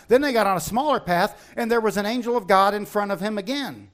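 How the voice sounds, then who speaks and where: A man preaching a sermon, retelling a Bible story in an animated way and acting out the characters' lines. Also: sits high, a little fast. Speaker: pastor.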